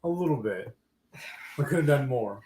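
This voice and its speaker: A man co-hosting a live cooking stream, trading teasing, deadpan quips in casual banter. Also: medium pitch, moderate pace, echoey room, noisy background.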